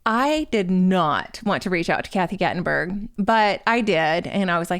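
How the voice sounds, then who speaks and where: A woman's voice: lowish voice, expressive, moderate pace, hardly any pauses, clear, resonant tone. A woman in her forties, a guest author telling a personal story in a candid, self-deprecating way on a podcast interview. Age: 40s.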